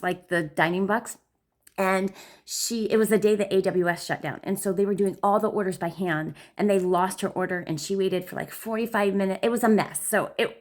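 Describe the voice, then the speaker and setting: Middle-aged mother, casual storytime vlogger, chatty and animated, medium pitch. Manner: chatty, animated, acts out her daughter's lines in a high voice. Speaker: mother telling a family story.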